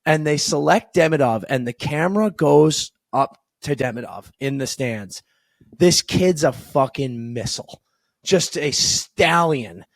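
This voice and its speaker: A man co-hosting a casual hockey podcast, telling stories excitedly. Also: a little high, measured pace, gravelly, no echo. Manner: excitable storyteller, swears casually. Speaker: podcast co-host.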